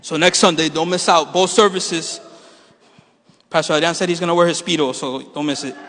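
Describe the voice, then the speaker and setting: A middle-aged pastor, his voice on the high side and fairly bright, speaks fairly quickly in a steady tone while telling his congregation a personal story laced with jokes. The sermon echoes through a reverberant church hall.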